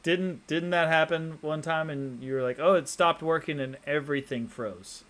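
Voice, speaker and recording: Laid-back, higher-voiced male co-host. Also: normal speed, fairly bright tone. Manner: rambling, laid-back, lots of fillers and laughs. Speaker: podcast co-host. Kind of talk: casual chat.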